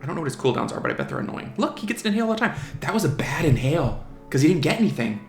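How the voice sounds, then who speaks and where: A gaming host with a fairly high voice talks very fast and very animatedly while commentating his own online match. He thinks through strategy out loud and taunts the opposing monsters, recorded in a roomy home setting with faint music.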